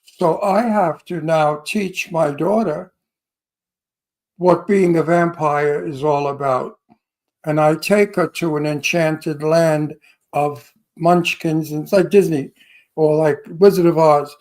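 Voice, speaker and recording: A man's voice: on the high side, steady tone, slow, darkish tone, rough recording. A man with a Brooklyn accent co-hosting a radio interview show, talking in a brash, emphatic, boisterous way. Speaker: co-host. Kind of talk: casual radio interview chat.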